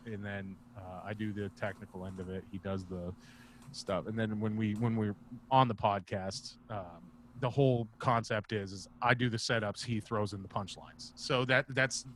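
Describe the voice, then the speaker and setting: A male stand-up comedian guesting on a video-call podcast, telling profane, animated stories in a casual chat. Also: lowish voice, normal speed, a little hiss or hum. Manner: profane, animated anecdote teller.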